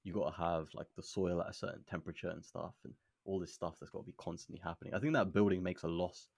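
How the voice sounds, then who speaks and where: Man, low gravelly voice, husky, dry close mic, laid-back podcast chat. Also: fairly even intonation, fast talker, darkish tone, dry recording. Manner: laid-back, explains at length with many fillers. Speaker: podcast co-host. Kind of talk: casual chat.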